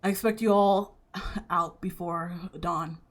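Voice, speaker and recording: A woman's voice: fairly low pitch, fairly even intonation, slow. A woman voicing a cold, curt wizard who speaks in a clipped, dismissive way.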